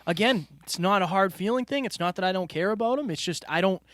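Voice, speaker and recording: A man with a high voice co-hosts a casual podcast chat, earnest and reflective, turning to his listeners as he talks. The sound is dry and close, with no room echo. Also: expressive, fast, fairly bright tone. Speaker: podcast co-host. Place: studio room with a whiteboard.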